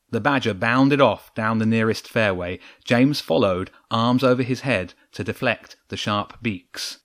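Low-voiced man reading a storybook. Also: no room sound, studio quality. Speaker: narrator. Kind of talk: scripted storybook narration.

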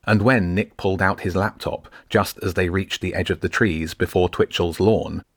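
Author-narrator, deep male voice, measured audiobook read, dry close sound. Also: fairly even intonation, slightly rough, dry recording. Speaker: author reading own book.

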